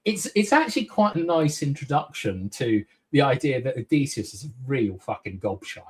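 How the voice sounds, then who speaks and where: A man guest in a casual film review chat, jokey and quick with tangents, swearing freely. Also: medium pitch, sing-song.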